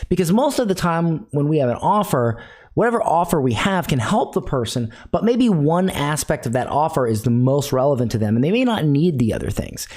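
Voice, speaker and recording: A man's voice: fairly high pitch, darkish tone. A middle-aged man teaching a sales technique in a direct, instructive way, repeating key phrases for emphasis. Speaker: sales coach.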